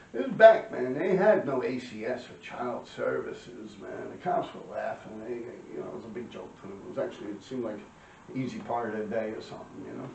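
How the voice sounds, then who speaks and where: A man, telling profane street stories to camera and clearing his throat often. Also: medium pitch, darkish tone, slight background noise. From New York. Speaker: vlogger telling life stories. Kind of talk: casual storytelling to camera. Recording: roomy, distant, dull-sounding.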